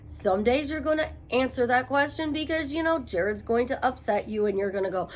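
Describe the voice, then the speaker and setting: A woman's voice: sits high, lively intonation, a little fast, hardly any pauses, a little hiss or hum. A middle-aged woman life coach giving an emphatic, playful motivational talk, repeating key phrases. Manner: emphatic, repetitive, playful asides.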